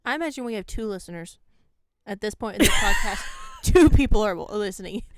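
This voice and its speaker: A woman's voice: medium pitch, sing-song, quick pace, dry recording, clean studio sound. A woman co-hosting a podcast in casual chat, joking and laughing at her own stories. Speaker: podcast co-host.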